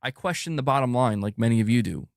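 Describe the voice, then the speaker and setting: Halting, defensive man, stumbling over words. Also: medium pitch, animated, creaky, dry recording, clean studio sound. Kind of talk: defensive personal rant to camera.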